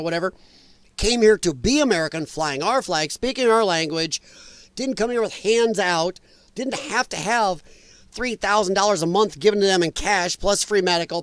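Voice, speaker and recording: A male livestream host with a fairly high voice, recorded close and dry with no room sound. He talks casually and bluntly, answering viewers' comments, animated and quick to laugh. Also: clear, resonant tone, no room sound. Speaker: livestream talk show host. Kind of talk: casual live chat, reading viewer comments.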